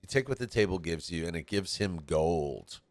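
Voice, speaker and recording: A man's voice: low voice, animated, moderate pace, no room sound. A man from California giving laid-back, chatty commentary on a pool match, often laughing as he talks. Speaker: stream commentator.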